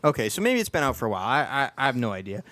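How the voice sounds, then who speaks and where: Man, podcast host, casual chat, rambling, restarts, mid pitch. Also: big pitch swings, very fast, fairly bright tone, no room sound. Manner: rambling, with many restarts and fillers.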